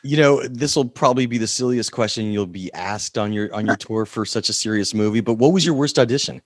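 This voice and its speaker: A male host asks curious interview questions and is quick to cut in. His voice sounds dry and close, with no room around it. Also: on the low side, no echo.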